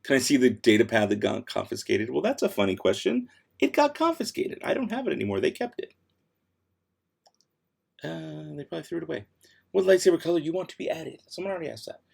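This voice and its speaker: A young man hosts a relaxed livestream, reading out viewer comments as he works. His voice is husky with a gravelly edge and sits a little high, with a lively, swooping pitch. He sounds tired and easily exasperated, as though his voice is wearing out. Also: brisk. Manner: laid-back, easily exasperated, mumbles while working. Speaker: livestream host.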